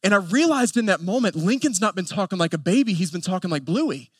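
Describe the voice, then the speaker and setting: Picture a pastor in his thirties with an Appalachian North Carolina accent, his voice sitting high for a man. He preaches earnestly, stacking up lists with pointed pauses, and the sound is dry and close with almost no room around it. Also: lively intonation, husky, no echo. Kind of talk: sermon.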